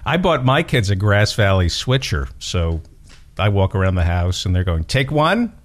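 A man's voice: low-pitched, moderate pace. A middle-aged man hosting an interview, joking dryly about his kids and asking questions. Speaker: podcast host. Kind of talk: interview chat.

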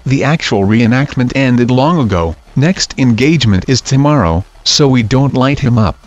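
A man reading scary stories aloud in a steady, even narration. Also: medium pitch, moderate pace. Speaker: story narrator. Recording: dull lo-fi audio with faint music.

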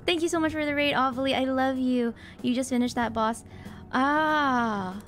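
A woman's voice: high-pitched, normal speed, fairly bright tone, soft background music. A woman streamer talking casually over a game, reacting to it and chatting with viewers as she plays. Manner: chatty, reacts to the game and reads chat aloud. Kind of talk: live gameplay commentary.

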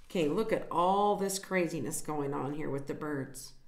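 A woman's voice: deep voice, moderate pace. Woman reading a storybook to kids. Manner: gentle, stops to explain words and point at pictures. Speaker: storytime reader. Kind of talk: reading a picture book aloud to children. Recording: echoey room.

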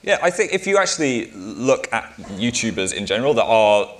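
A man's voice: medium pitch, sing-song, brisk. A man of thirty, a guest on a festival stage, talking in an easygoing way and laughing often. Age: 30s. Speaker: panel guest. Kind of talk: onstage conversation. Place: festival stage before an audience.

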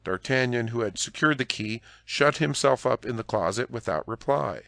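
A man narrating an audiobook in a measured, expressive reading. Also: mid-range voice, creaky, no echo, clean studio sound.

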